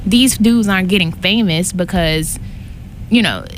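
A woman's voice: lowish voice, a little slow, slight background noise. A woman co-hosting a radio show in casual chat, rambling and teasing, filling her talk with "like". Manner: chatty, lots of likes, teasing. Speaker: radio co-host.

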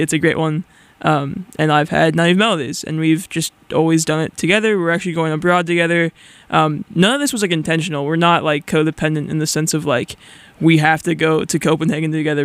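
Young male student DJ, nervous and rambly, smooth voice, dry studio mic. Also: on the high side, fairly bright tone, no room sound. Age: young adult. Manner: rambling, many filler words. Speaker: college radio DJ. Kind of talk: casual on-air chat.

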